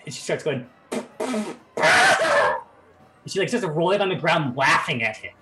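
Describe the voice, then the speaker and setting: A man running a tabletop game as game master, narrating in an animated, rambling way with lots of fillers. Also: a little high, unhurried, over loud music.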